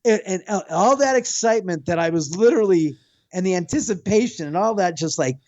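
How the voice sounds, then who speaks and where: A man telling a long, rambling story in casual chat, animated and swearing freely. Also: sits high, a little fast, no room sound, lo-fi sound. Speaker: guest, house owner.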